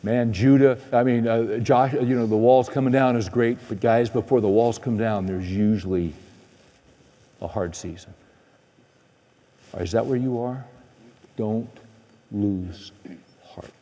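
A middle-aged man preaching a storytelling sermon, swinging from excited to hushed. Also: mid-range voice, a little slow. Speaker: preacher and men's conference speaker. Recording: echoey hall reverb.

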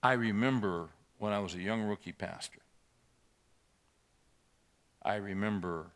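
A middle-aged man preaching a sermon as pastor, shifting between loud scripture reading and quiet storytelling. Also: on the low side, unhurried.

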